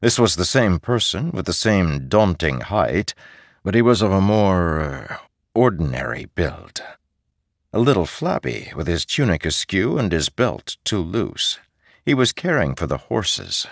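Male audiobook reader, very deep and lively, dry close sound. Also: unhurried, vocal fry, dry recording. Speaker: audiobook narrator. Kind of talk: scripted narration.

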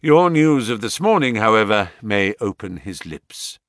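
Male reader as a self-assured detective, measured, authoritative delivery, lively intonation, dry studio. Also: fairly low pitch, dry recording. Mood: composed. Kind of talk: audiobook character reading.

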